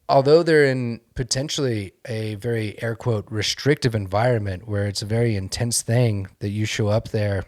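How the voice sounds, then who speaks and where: A man's voice: lowish voice, darkish tone. A man co-hosting a casual podcast discussion, conversational and hedging with filler words. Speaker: podcast co-host.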